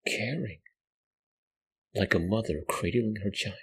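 A man narrating a horror story in a slow, hushed, dramatic way. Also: lowish voice, vocal fry, breathy edge. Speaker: podcast narrator.

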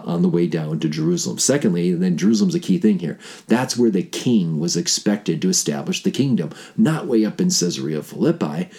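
A man teaching about the gospel story, telling it with animated energy, rhetorical questions and big swings between excited and quiet delivery. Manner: swings from excited high pitch to low, quiet explaining. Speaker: Bible teacher.

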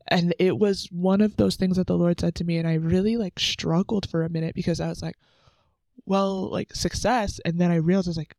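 A woman's voice: lowish voice, fairly even intonation, normal speed, mellow, no echo. A young woman hosting a faith podcast, talking candidly and earnestly from home, chatty with lots of filler words. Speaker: podcast host. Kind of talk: casual devotional talk. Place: sitting on the floor at home under a blanket.

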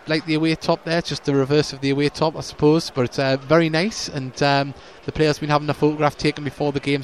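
Chatty match commentator. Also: male voice, fairly high pitch, a little hiss or hum. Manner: chatty, rambling, stumbles over names. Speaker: club podcast host and match commentator. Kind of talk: pre-match radio-style commentary. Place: football stadium stand.

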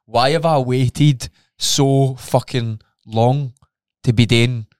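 A man chats on a podcast, telling his story with animated energy and plenty of swearing. He acts out his own reactions as he goes. His voice sits at a middling pitch, and the sound is dry and close to the mic. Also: slow pace, clean tone, dry recording. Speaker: podcast co-host. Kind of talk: casual chat.

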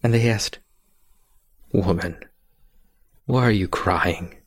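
A male preacher retelling a scripture story in a sermon, hushed and often dropping to a whisper for drama. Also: fairly low pitch, slow, pauses often, no echo.

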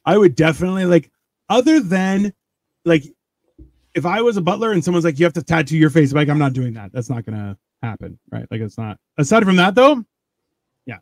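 A man chatting casually on a podcast, rambling with halting restarts and crude jokes. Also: fairly high pitch, expressive, no room sound. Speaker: podcast guest. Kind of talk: casual chat.

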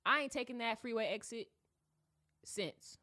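A woman hosts a podcast and tells a story in a loose, slangy way, often acting out voices. Her pitch swoops up and down all the time, and her tone is bright and forward. She chats casually, as if with friends. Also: a little slow. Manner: animated, slangy, acts out voices. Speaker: podcast host.

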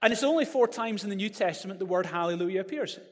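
Animated preacher in a big hall. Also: male voice, sits high, quick pace. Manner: animated, rising to loud proclamation. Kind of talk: sermon. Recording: reverberant hall.

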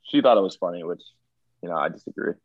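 A man's voice: deep voice, lively intonation, fast, lo-fi sound. A young man in casual chat, laid-back, swearing and laughing often. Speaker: podcast co-host.

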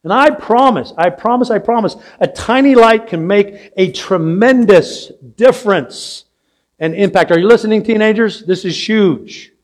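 Older man, pastor, preaching, high-pitched, storytelling, asks the room questions. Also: moderate pace. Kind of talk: sermon. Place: church sanctuary.

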